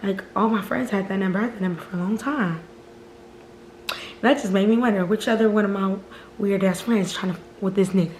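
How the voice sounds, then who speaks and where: A woman vlogger telling a storytime in casual chat, animated and profane, often calling out to her viewers. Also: medium pitch, brisk, a little hiss or hum. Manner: animated, profane, keeps addressing viewers as "y'all". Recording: roomy echo.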